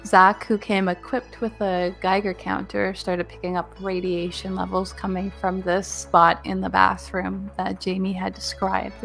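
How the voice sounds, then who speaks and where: A woman narrating a tabletop game as game master, recapping the last session in a relaxed way with plenty of fillers. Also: medium pitch, a little slow, creaky, few pauses, faint music behind.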